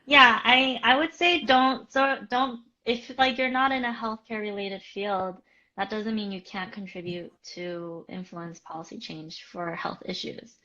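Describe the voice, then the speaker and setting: Casting: woman co-host, bright and clear tone, chatty with lots of fillers, dull lo-fi stream sound. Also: medium pitch, fairly even intonation, unhurried. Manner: chatty, filler-heavy, answers viewer questions. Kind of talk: casual live-stream chat.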